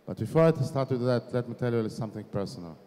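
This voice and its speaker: A man's voice: mid-range voice, fast talker, warm tone. A man in his forties with an Israeli accent, giving an informal, self-deprecating startup conference talk with frequent fillers. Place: conference startup stage in a large hall. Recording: long hall reverb from the venue.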